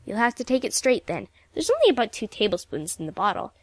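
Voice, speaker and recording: A woman reading an audiobook voices a confident, cheerful teenage boy who takes charge briskly and boasts. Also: mid-range voice, huge pitch swings, dry recording.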